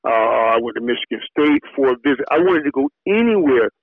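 A middle-aged man from Miami, a former football player, telling animated stories in an interview with repeated words when excited. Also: mid-range voice, a little fast, gravelly, no room sound. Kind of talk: storytelling interview. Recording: tinny phone-like dry line.

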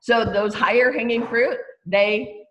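A woman's voice: a little high, fairly even intonation, measured pace, muffled recording. A woman co-leading a team training call, chatty and laughing easily as she speaks straight to the group. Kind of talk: casual training talk on a call.

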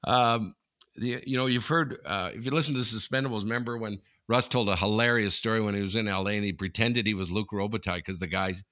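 A man's voice: lowish voice, fast, bright, forceful tone, dry recording, clean studio sound. A man co-hosting a sports podcast, chatting casually and telling long rambling stories with many restarts over a video call. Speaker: podcast co-host. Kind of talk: casual chat. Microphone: headphones on video call.

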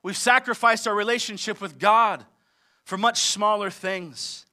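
A man preaching a sermon as pastor, moving between forceful emphatic passages and conversational asides. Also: sits high, steady tone, a little slow. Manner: preaches with rising intensity, mixes emphatic and conversational. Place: church service in a large theater.

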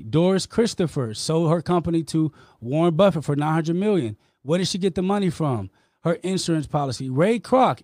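Host type, emotional debater who explains fast and keeps pushing his case, dry mic. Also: a little high, a little mellow, dry recording. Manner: passionate, insistent, explaining rapidly. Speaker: podcast host, insurance promoter. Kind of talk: heated debate.

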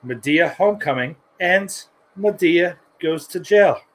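A man's voice: fairly high pitch, lively intonation, measured pace, fairly bright tone, slight background noise, poor audio. A man in his thirties co-hosting a podcast, laughing and swearing as he jokes. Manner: laughing, profane joking. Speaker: podcast co-host. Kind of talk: casual podcast banter.

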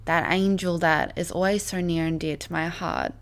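A young woman hosting her own podcast, chatting in a warm, gushing and heartfelt way, full of casual fillers. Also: fairly low pitch, fairly even intonation, normal speed, vocal fry. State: emotional, near tears at times. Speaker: podcast host. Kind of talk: casual solo podcast chat.

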